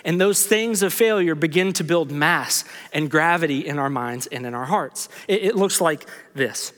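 High-voiced man preaching in a hall. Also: moderate pace, fairly bright tone. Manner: earnest preaching with self-mocking asides. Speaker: pastor. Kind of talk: sermon.

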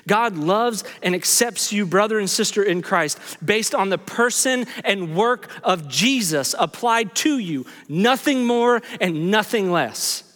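A man with a high voice preaches a sermon, earnest and conversational, with wry self-mocking asides. His voice rings out in a hall with a long reverb tail. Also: fairly bright tone. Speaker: pastor.

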